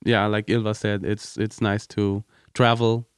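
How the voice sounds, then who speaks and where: European man, non-native English, smooth resonant voice, dry close sound, hesitant guest. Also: lowish voice, little pitch movement, measured pace, dry recording. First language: not English. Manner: hesitant, searching for words. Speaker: podcast guest. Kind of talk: casual conversation.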